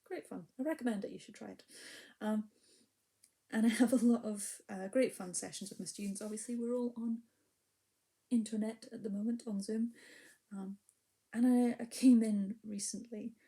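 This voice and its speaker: A woman's voice: fairly high pitch, steady tone, moderate pace, pauses often, mellow. A woman, a spoken word poet talking chattily before reading, dropping into whispered asides, heard over a video call.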